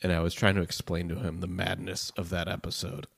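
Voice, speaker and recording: Male podcast co-host, low voice, relaxed and easygoing conversational delivery. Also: a little fast, creaky. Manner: laid-back, short replies. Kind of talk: casual chat.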